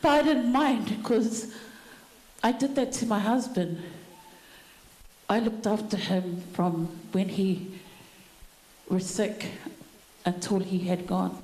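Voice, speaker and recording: A middle-aged woman giving a personal eulogy at a family funeral service, telling her story slowly with many pauses. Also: medium pitch, darkish tone. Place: church hall. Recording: echoey church hall.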